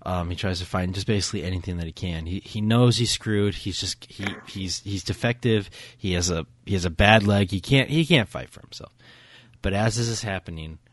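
Deep-voiced man retelling a film excitedly. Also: fairly quick, no room sound, studio quality. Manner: animated, enthusiastic retelling with many fillers. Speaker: podcast co-host. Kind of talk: casual film review chat.

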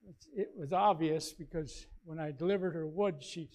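A man pastor preaching a sermon, telling stories with big swings between loud and soft. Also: normal speed, low-quality recording. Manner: storytelling preacher, dynamic swings in loudness and pitch.

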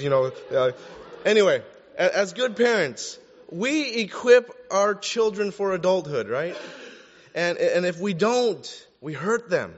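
A man preaching a sermon in a conversational style, with joking asides to the congregation. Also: on the high side. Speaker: pastor. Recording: dull sound with long hall reverb.

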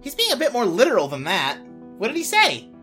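A woman's voice: fairly high pitch, wildly swooping pitch, fairly quick, fairly bright tone, soft background music, pitched above the performer's own voice. A woman voicing a cheerful, friendly young girl who explains things kindly.

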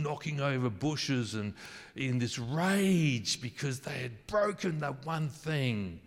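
Preaching with a medium-pitched voice, a man talks to his congregation as if in conversation, asking them questions and teasing himself about his wording. Each phrase leaves a long reverberant tail.

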